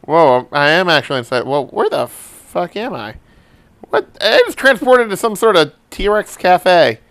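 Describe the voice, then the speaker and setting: A man's voice: sits high, big pitch swings, measured pace, a bit bright. A man co-hosting a casual comedy talk show, joking around animatedly and swearing freely. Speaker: co-host.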